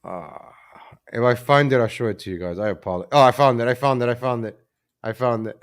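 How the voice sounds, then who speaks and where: A man's voice: mid-range voice, brisk. A man hosting a casual live stream from his home computer, chatty and easily distracted, often repeating himself. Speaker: livestream host. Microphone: desk microphone.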